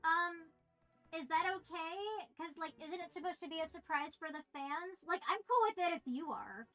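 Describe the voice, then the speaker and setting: A woman's voice: very high voice, expressive, moderate pace, sharp tone, faint music behind. A woman streaming a video game, chatting casually with herself and her chat in a playful, teasing way. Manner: playful, talks to herself and reads chat aloud.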